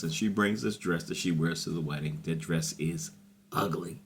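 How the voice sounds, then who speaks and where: A man's voice: sits low, normal speed, a little hiss or hum. A man casually recapping a TV episode, chatty and slangy, often repeating himself and playing the characters' lines. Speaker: show recap host.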